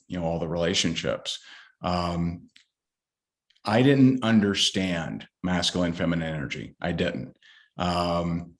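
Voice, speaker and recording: A middle-aged man, an entrepreneur guest in an interview, telling a personal story in a halting way with many fillers and restarts. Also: low voice.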